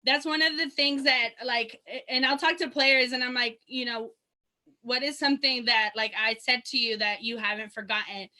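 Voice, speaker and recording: A woman's voice: a little high, steady tone, normal speed, sharp tone. A woman basketball coach talking in a panel discussion, conversational, with lots of fillers.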